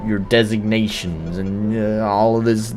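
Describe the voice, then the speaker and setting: A man's voice: on the low side, fairly even intonation, unhurried, a little mellow, soft background music. A man streaming indie games live, giving casual, blunt commentary and swearing freely while he plays. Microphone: headset or desk mic, wears headphones.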